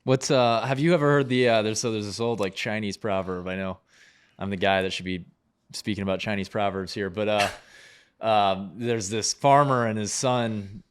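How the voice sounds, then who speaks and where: Relaxed, lower-voiced podcast host. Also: male voice, moderate pace, slight background noise. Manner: relaxed, swears casually, storytelling. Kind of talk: casual interview.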